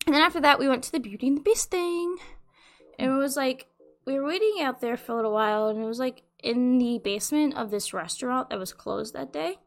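A young adult woman hosting a podcast, telling a rambling, animated story in casual chat and swearing freely. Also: high-pitched, fairly quick. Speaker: podcast host.

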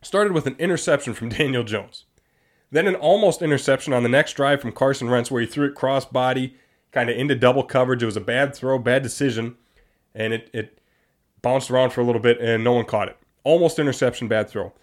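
A young man hosting a casual sports talk show, animated and exasperated, often laughing. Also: medium pitch, a little fast. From Wisconsin. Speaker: sports podcast host.

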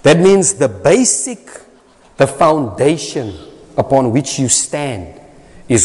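A man with a South African accent preaching a sermon, emphatic and repetitive, his voice swinging between loud and soft. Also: mid-range voice, big pitch swings, slow. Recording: long reverb of a hall.

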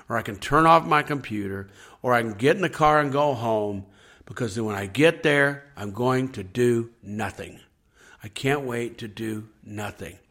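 A man's voice: mid-range voice, a bit bright. Earnest preaching pastor, man. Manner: earnest, repetitive preaching with acted-out complaining quotes. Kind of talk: faith podcast talk.

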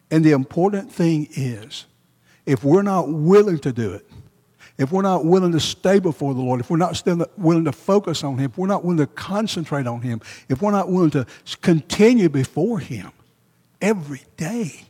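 Man, pastor, preaching, emphatic, repeats lines, mellow tone, long church reverb. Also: on the high side, animated, moderate pace, slightly rough. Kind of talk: sermon.

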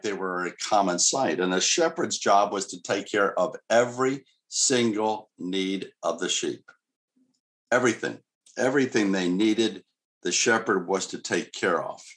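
A middle-aged male pastor preaching a sermon in an earnest, conversational way with casual asides. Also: on the low side.

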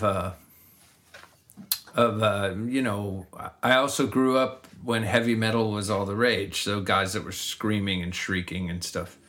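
Middle-aged male songwriter, reflective and rambling, average pitch, talks in loose casual chat. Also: fairly bright tone. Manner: reflective, rambling, frequent restarts. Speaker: singer-songwriter. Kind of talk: casual conversation.

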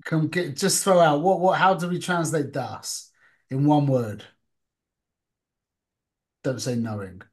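A man's voice: on the high side, takes it slowly, pauses often, darkish tone. A man giving an informal Torah class, talking conversationally, asking the group questions and mixing Hebrew and Yiddish terms into his English. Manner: asks the listeners questions. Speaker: Torah teacher.

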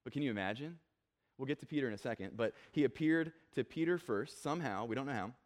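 A man preaching a sermon in a relaxed, conversational way, with many fillers, and acting out the people he quotes in a lower, offhand voice. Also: fast. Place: church.

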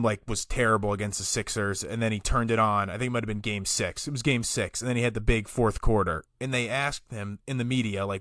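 A man's voice: lowish voice, fairly bright tone, dry recording, studio quality. A man appearing as a guest on a sports podcast, giving blunt, opinionated takes in casual chat.

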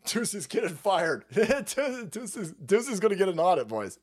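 A stream host with a high-sitting, very animated voice reacts to news clips live at normal speed. His commentary is mocking and profane, punctuated by frequent laughter.

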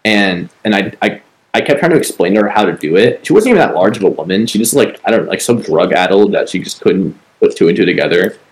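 A man's voice: sits low, animated, fast talker, poor audio. A man co-hosting a podcast, telling a story in a casual, rambling way, full of swearing and filler words. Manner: rambling, profane, heavy on fillers. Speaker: podcast co-host.

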